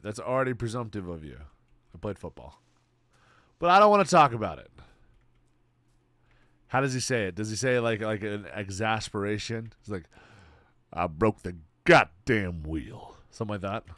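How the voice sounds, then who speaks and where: A man's voice: fairly low pitch, animated, a little fast, long pauses, fairly bright tone, dry recording, clean studio sound. A man casually chatting with viewers while streaming a game, laid-back and swearing freely. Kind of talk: casual livestream chat.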